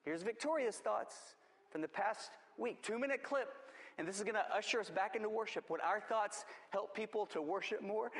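Emphatic preacher in a reverberant church. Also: male voice, high-pitched, a bit bright. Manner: emphatic preaching with repeated phrases. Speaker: pastor. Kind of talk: sermon.

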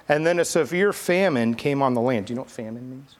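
A man's voice: mid-range voice, fairly quick, few pauses. A man telling a Bible story to children in a playful, chatty way, directing kid volunteers. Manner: playful, chatty, coaxing kids. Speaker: pastor leading a children's message.

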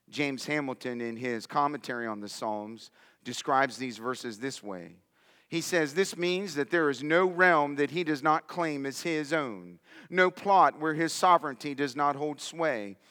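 A man's voice: mid-range voice, fairly bright tone, long reverb tail. A man preaching a sermon, reading scripture aloud and speaking with emphatic conviction. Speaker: pastor.

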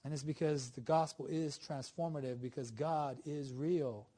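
A middle-aged man preaching a sermon as a pastor, conversational and animated, with asides to the congregation. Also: fairly high pitch, normal speed.

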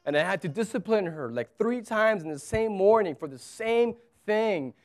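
Pastor guy preaching, earnest, kinda high-pitched, doubles up words when he pushes a point. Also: expressive, normal speed. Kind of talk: sermon.

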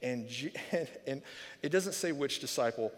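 A man preaching a sermon, telling stories in a chatty, animated way with frequent restarts and asides. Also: medium pitch, normal speed, long reverb tail. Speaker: pastor.

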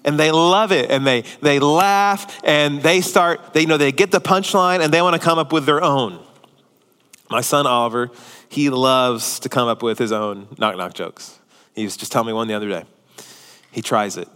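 A man in his thirties, a pastor preaching a sermon with humorous storytelling and lively shifts in loudness. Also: medium pitch, normal speed, clear, resonant tone. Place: church hall. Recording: reverberant church hall.

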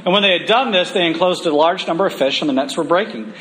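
A man preaching a conversational sermon, humorous at times and slowing down for emphasis. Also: high-pitched, fairly bright tone.

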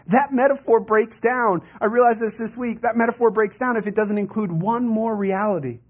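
A man's voice: sits high, a little mellow. A man preaching a sermon as a pastor in a conversational way, with asides and laughs.

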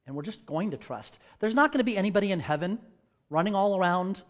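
Male church elder, slightly high voice, sermon delivery, soft prayers and fervent climaxes. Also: expressive, fast talker. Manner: reads scripture, prays softly, then tells stories and rises to loud dramatic peaks.

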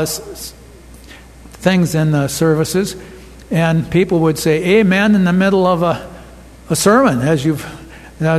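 A man with a high voice preaches a sermon at a slow, deliberate pace, stopping often to pause and restart his phrasing. His words ring out with a long reverb, as if he stands in a large church hall. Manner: unhurried, with many pauses and restarts. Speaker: pastor.

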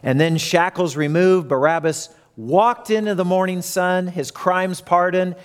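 A man's voice: sits high, steady tone, a little slow, clean tone. Preacher man telling a story. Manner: storytelling, acting out the crowd and characters. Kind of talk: sermon.

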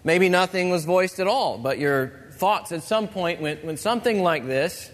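A pastor gives an earnest, measured sermon. His voice sits a little high for a man. The church sanctuary leaves a long reverb trailing after each phrase. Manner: earnest, measured preaching with pauses.

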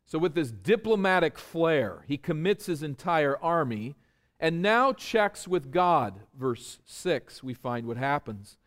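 A man's voice: fairly high pitch, big pitch swings, slow pace, a bit bright. A man preaching an expository sermon. He explains step by step and puts rhetorical questions to his listeners with emphasis.

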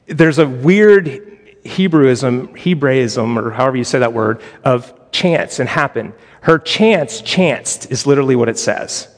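A man's voice: mid-range voice, big-room sound. A male pastor preaching a conversational sermon, acting out quoted lines and adding humorous asides.

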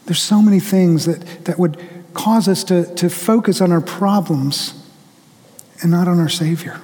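A middle-aged man delivers a sermon in a fairly high, mellow voice, telling stories and acting out the lines of the people in them. His voice carries with a long reverb, as if heard in a church sanctuary. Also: unhurried. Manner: storytelling preacher who acts out quotes. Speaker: pastor.

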